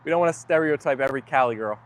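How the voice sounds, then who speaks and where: A young man hosts a livestream, talking very fast in a mid-range voice with a clean tone. He chats casually and answers viewer comments as they arrive, staying relaxed and often agreeing with what people say.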